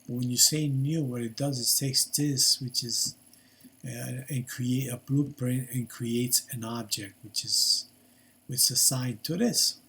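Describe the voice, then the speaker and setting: Older male tutor, slow and rambling, bright tone, casual screen-share coding lesson. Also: medium pitch, fairly even intonation, vocal fry, husky. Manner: rambling, thinks aloud with many fillers and restarts. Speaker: programming tutor.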